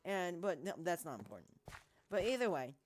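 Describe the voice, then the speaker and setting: A man telling a rambling joke, halting with restarts and asides and quick voices for the characters. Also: high voice, sing-song, a little hiss or hum. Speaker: comedy storyteller.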